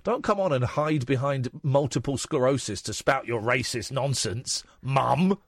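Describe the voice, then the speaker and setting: A man's voice: medium pitch, unhurried, no room sound, clean studio sound. A man hosting a late-night radio phone-in, chatty and jokey, talking frankly with callers.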